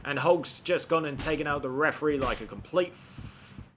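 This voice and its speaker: A man narrating his video game playthrough with animated, foul-mouthed commentary. His voice sits a little high and bright, and he talks at an unhurried pace. Faint background noise sits under the voice. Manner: animated, swears often, frustrated outbursts.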